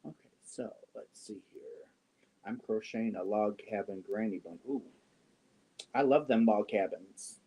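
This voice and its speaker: Mellow-voiced man chatting while crocheting. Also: lowish voice, a little slow, slight background noise. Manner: chatty, reads viewer comments aloud and coos to his cats. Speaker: crochet livestream host. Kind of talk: casual chat while crocheting.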